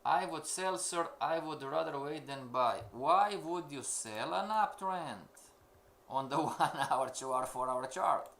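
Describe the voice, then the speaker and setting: A man's voice: fairly high pitch, lively intonation, a little slow, gravelly, a bit bright, a little hiss or hum. A man teaching a live-streamed trading class, emphatic and questioning, repeating his points to the students. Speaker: forex trading instructor.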